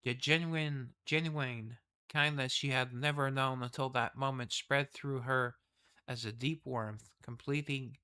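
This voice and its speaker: Western guy reading game text out loud, rambly, kinda bright tone. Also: medium pitch, steady tone, a little slow, clear, resonant tone. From the West. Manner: rambling, self-interrupting asides. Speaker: game streamer reading the story. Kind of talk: casual commentary and story reading.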